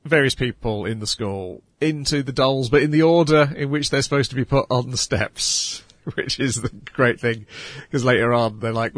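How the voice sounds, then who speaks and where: A man's voice: medium pitch, moderate pace, few pauses, dry recording. A man co-hosting a casual podcast, talking in a hesitant, wry way with many fillers. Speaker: podcast co-host. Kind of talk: casual chat reviewing anime.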